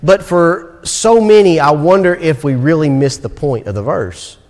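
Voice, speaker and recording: Animated Southern preacher in a reverberant church. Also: male voice, on the high side. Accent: Southern American. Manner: animated, shifting between quick asides and slow, stressed phrases. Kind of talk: sermon. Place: church sanctuary. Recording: long reverb of a church hall.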